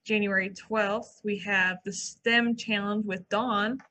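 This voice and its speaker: A woman library staffer co-hosting a casual podcast, reading event listings and adding quick asides. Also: mid-range voice, steady tone, sharp tone. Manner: chatty, reads listings then adds quick asides. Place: old brick library building.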